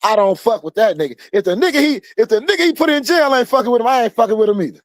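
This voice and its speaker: A man from the United States in casual street talk, blunt and profane, telling animated stories. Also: very high-pitched, very fast.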